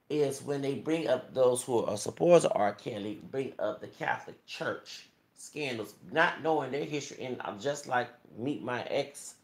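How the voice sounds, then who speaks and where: A Texas man with a gravelly Southern voice holds forth at length, emphatic and preachy, stacking up scripture as he goes. His mid-pitched voice bounces around a roomy, echoey space. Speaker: YouTuber. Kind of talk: impassioned monologue. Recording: echoey room.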